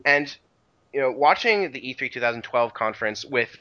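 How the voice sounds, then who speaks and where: A man's voice: mid-range voice, expressive, normal speed, highs cut off. A man co-hosting a casual podcast about video game history, rambling with many restarts and "you know" fillers. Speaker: podcast co-host.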